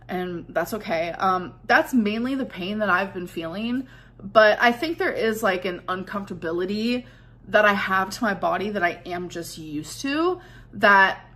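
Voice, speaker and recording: A woman's voice: mid-range voice, fairly bright tone. Rambling, reflective woman vlogger. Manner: rambling, reflective, heavy use of "like". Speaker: vlogger in a played clip. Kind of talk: casual confessional vlog talk.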